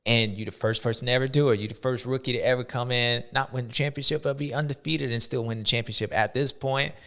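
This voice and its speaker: A man's voice: medium pitch, steady tone, quick pace, sharp tone. A man hosting a show, giving playful, slangy, rambling sports commentary. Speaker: show host.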